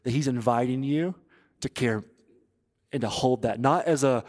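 A man preaching a sermon as pastor, urging and earnest, moving between loud appeals and hushed, intense passages. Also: mid-range voice, normal speed, long pauses. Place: church auditorium. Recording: long reverb of a large hall.

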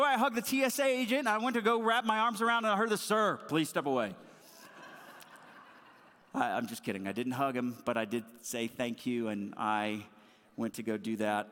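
A man preaching a sermon, opening with a lively personal story and keeping a conversational tone with casual fillers. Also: a little high, long reverb tail. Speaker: pastor.

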